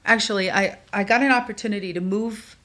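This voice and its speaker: A woman's voice: medium pitch, fairly quick. An older woman from New York, a guest in a podcast interview, telling stories and acting out the voices of the people she quotes. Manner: animated, acts out quoted voices.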